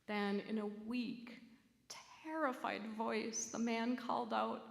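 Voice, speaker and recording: A woman minister delivering a sermon, telling a story slowly and deliberately and voicing the characters in it. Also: fairly high pitch, fairly even intonation, vocal fry. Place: large sanctuary. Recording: echoey hall, long reverb.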